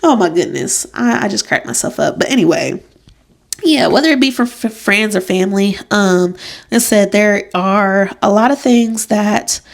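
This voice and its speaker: A woman's voice: mid-range voice, lively intonation, measured pace, creaky. Chatty woman podcasting from home. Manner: chatty, emphatic, laughs at herself. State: pregnant. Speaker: podcast host. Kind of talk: casual solo podcast monologue. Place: home room.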